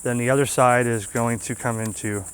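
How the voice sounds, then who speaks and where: A man's voice: mid-range voice, steady tone, normal speed, clear, resonant tone. A man hosting a ham radio channel, walking viewers through an antenna setup in a casual, folksy way and checking in with a frequent "okay?". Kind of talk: casual hands-on product demo.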